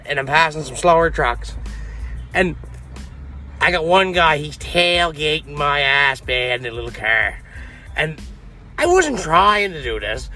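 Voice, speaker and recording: A man's voice: sits high, vocal fry, pushed and bright. Profane, boisterous trucker man. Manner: profane, boisterous, laughing storyteller. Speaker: truck driver vlogger. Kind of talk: casual storytelling vlog.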